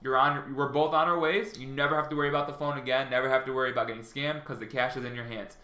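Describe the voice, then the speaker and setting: Rambling young-sounding man, bright echoey voice. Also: medium pitch, fairly even intonation, fast. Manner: rambling, many fillers and restarts, acts out phone dialogue. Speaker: vlogger giving sales tips. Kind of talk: casual advice vlog.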